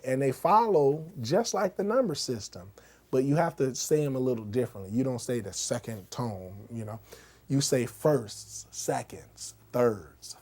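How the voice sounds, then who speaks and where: A man's voice: medium pitch, darkish tone. A man teaching a casual music lesson, speaking conversationally, demonstrating on a keyboard and often checking in with "okay?" and "right?". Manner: demonstrates on a keyboard while explaining.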